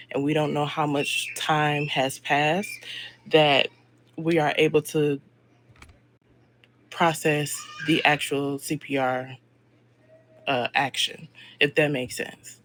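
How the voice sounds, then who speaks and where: Slow, even-toned man explaining procedure. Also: a little high. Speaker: training lead in an online meeting.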